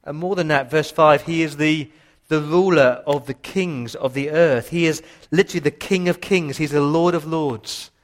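A man preaching a sermon with passion, his voice rising for emphasis and dropping low for quiet points. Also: normal speed, hardly any pauses. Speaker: pastor.

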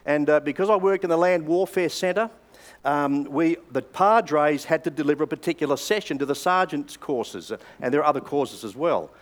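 A man's voice: a little high, moderate pace. An older Australian man preaching a sermon, telling stories in a conversational way with hesitant fillers. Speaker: pastor.

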